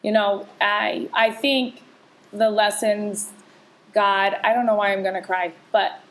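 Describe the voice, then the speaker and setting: A woman's voice: medium pitch, level tone, takes it slowly. Candid, chatty woman podcast host. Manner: candid, emotional, chatty with many restarts. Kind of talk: casual chat.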